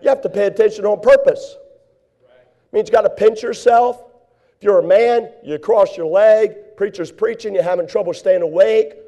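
Male preacher, high-pitched, folksy sermon delivery with playful asides. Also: moderate pace, dark tone. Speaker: pastor.

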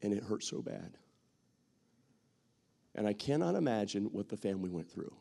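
Gravelly, emotive male pastor preaching. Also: on the low side, very animated, normal speed. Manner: emotive preaching with acted-out quotes, swings from loud to soft. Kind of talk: sermon.

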